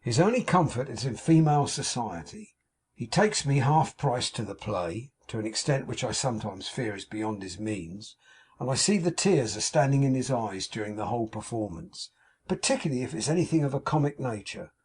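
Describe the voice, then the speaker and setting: Husky-toned man playing a fussing middle-aged landlady, gushing and confiding. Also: medium pitch, sing-song, moderate pace, darkish tone. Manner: effusive, confiding, melodramatic.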